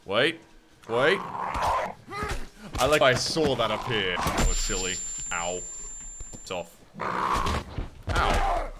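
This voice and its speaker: In a very noisy recording, a young Australian man with a sing-song, medium-pitched voice speaks slowly and pauses often. He's streaming a game, chatting casually, swearing, and reading chat aloud to answer viewers.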